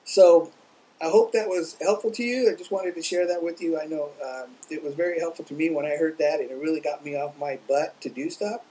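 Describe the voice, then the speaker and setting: Chatty man with a higher voice. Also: steady tone, brisk, dark tone, poor audio. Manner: chatty storyteller, uses fillers and asides. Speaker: vlogger on internet marketing. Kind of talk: casual talk to camera. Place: at home.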